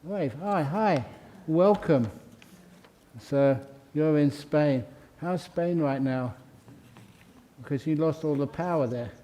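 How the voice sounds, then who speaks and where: A man leading a ceremony, reading out names and welcoming each new member in a chatty, good-humoured way. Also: fairly high pitch. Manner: slow, warm-hearted and chatty, laughing between names. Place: meditation hall.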